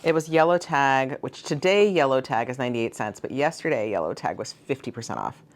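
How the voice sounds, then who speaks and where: A woman's voice: rumbling low, lively intonation, brisk. A woman chatting through her thrift haul in a bubbly, gushing way, showing off each find. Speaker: vintage reseller vlogger. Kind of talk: casual thrift haul show-and-tell.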